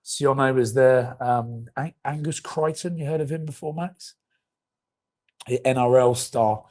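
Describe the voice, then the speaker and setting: A man's voice: mid-range voice, measured pace, a little mellow. A man in his thirties, a podcast co-host, telling rambling comic stories in casual chat and swearing freely.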